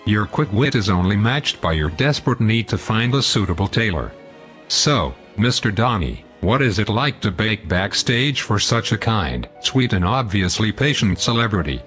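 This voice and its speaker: A man's voice: fairly low pitch, sing-song, normal speed, fairly bright tone, soft background music. A man hosting a scripted comedy show, pompous, long-winded and sarcastic. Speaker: host.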